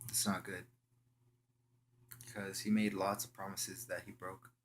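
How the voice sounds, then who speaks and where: Low-voiced young guy telling a story. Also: flat delivery, a little hiss or hum. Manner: slangy, halting, with frequent restarts. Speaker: vlogger. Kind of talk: casual storytelling.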